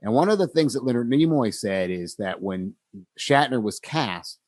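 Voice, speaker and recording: A man's voice: medium pitch, expressive, moderate pace, darkish tone, no room sound. A man co-hosting a casual podcast, talking reflectively with many fillers and restarts. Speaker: podcast co-host.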